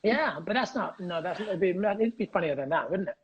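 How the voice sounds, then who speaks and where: A middle-aged Scottish man, a comedian, telling cheeky anecdotes over a video call, quick and giggly, acting out voices in his stories. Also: sits high, animated, lo-fi sound, crowd noise. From Scotland. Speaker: comedian guest. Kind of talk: casual storytelling chat.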